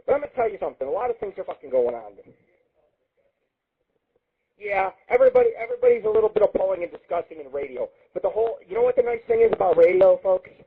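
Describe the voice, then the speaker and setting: A man hosting an internet radio show, telling crude rambling stories in a profane, excitable monologue. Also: high voice, fast talker. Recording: husky lo-fi phone-line sound.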